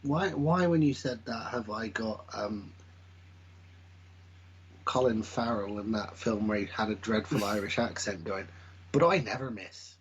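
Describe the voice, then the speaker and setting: A man's voice: lowish voice, a little slow, slightly rough. A man co-hosting a casual podcast chat, making dry, sarcastic asides. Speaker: podcast co-host. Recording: dull lo-fi mic.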